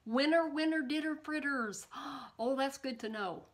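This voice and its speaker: A woman's voice: high-pitched, a little slow. A woman vlogger, reading viewer comments aloud in a bubbly, gushing way and chatting casually to camera. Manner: bubbly and gushing, gasps and coos.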